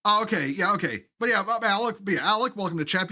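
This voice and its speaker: Man, live streamer, profane rant, very animated pitch, halting. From United States. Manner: profane, heated, halting restarts. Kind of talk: ranting live stream commentary.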